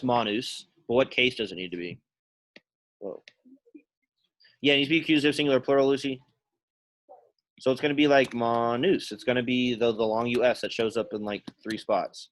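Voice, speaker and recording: A man's voice: mid-range voice, moderate pace, long pauses, no room sound. A man teaching a Latin class, casually quizzing students by name and thinking aloud as he works through sentences in a classroom. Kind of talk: classroom lesson.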